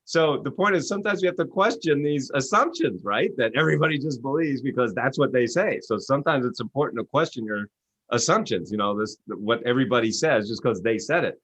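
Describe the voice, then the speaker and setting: A man, an author and coach, tells stories as an interview guest in a husky voice, fairly quickly, with no room sound. He is animated, acting out quoted voices with rising pitch.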